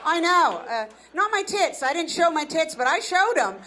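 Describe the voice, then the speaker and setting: Brash high-voiced woman comic in her fifties. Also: sing-song, moderate pace. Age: 50s. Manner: brash, self-mocking, playing to the crowd. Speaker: stand-up comic. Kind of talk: stand-up comedy set. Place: comedy club stage before a live audience. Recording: live club recording with audience noise.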